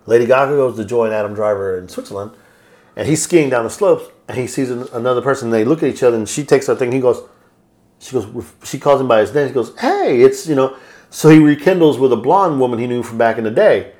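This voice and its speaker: A man on a podcast casually retelling a film's plot in a loose, rambling way, slipping into quick voiced quotes. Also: medium pitch, darkish tone. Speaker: podcast host. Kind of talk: casual movie recap.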